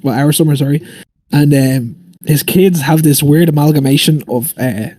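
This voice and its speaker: Irish man, slightly high and mellow voice, chatty and easygoing. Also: normal speed, no room sound. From Ireland. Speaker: tabletop game player. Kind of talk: casual chat.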